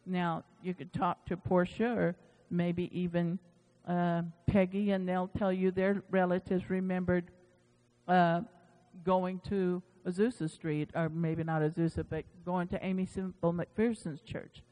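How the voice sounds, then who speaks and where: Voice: medium pitch, unhurried. Preacher telling revival stories in a reverberant church. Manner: animated, retelling stories with quoted dialogue. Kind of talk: sermon storytelling. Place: church sanctuary. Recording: long church-hall reverb.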